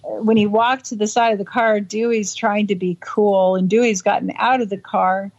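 Woman telling a story in halting bursts. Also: medium pitch. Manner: halting, with many restarts and fillers; lively, acting out voices in quotes. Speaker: interview guest. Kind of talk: recounting a childhood memory. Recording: dull lo-fi audio.

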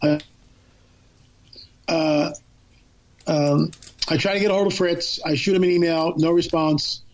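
A woman guest telling a long personal story in a casual, animated way, acting out what other people said to her. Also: sits low, measured pace. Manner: animated, acts out both sides of a remembered phone call. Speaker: podcast guest.

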